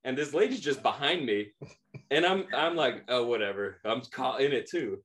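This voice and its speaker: Mid-range and moderately paced, this thirtysomething man's voice carries a casual story as a podcast co-host. He's animated, laughs frequently, and performs the quoted voices of the story's characters.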